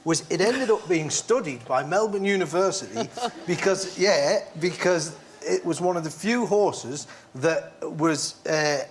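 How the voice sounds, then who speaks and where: A man on a comedy panel show, telling comic stories in an animated way and laughing as he goes. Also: fairly high pitch, measured pace, a little hiss or hum. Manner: animated, laughing, breaks into shouted impressions. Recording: TV studio with loud audience laughter.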